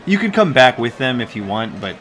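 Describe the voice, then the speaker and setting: A man's voice: medium pitch, sing-song, a little fast, a bit bright. A man narrating a tabletop game as game master in a casual, rambling way with fillers, with faint background noise.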